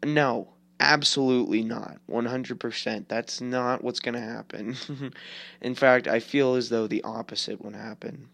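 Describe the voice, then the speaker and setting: A man's voice: medium pitch, steady tone, measured pace, gravelly, a bit bright, no echo. A man in his twenties hosting a podcast, ranting casually with a rambling, profane delivery full of filler words. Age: 20s. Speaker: podcast host. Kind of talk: casual opinion rant.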